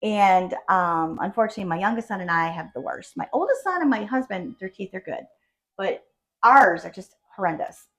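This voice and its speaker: A woman's voice: mid-range voice, animated, moderate pace, rough recording. A middle-aged woman, a guest on a podcast, telling her personal story in a casual, emotional and rambling way. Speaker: patient guest.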